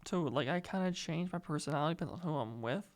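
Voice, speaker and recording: Young male podcast co-host, notably high voice, hesitant and casual, agrees often. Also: fast. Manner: hesitant, short agreeing replies.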